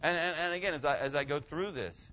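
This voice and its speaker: A man's voice: on the high side, brisk, pushed and bright, muffled recording, slight background noise. An older man preaching a conversational sermon as a pastor, folksy and rambling, often asking "okay?".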